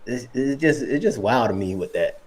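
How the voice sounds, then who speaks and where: A man's voice: mid-range voice, expressive, moderate pace, a little mellow, husky. A man chiming in as co-host on a casual live stream, laid-back and conversational. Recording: faint background noise.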